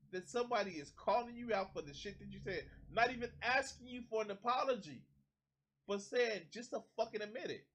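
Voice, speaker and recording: High bright profane ranting man. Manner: profane, heated ranting with mocking impressions. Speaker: commentary streamer. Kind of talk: angry reaction commentary.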